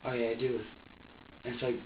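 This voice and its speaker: A man's voice: medium pitch, level tone, fast talker. A man being questioned in an interrogation room, telling his story in a heated, profane, rambling way. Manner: profane, heated, rambling, quotes both sides of an argument. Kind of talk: agitated recounting in an interrogation. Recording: echoey room, distant muffled mic, faint hiss.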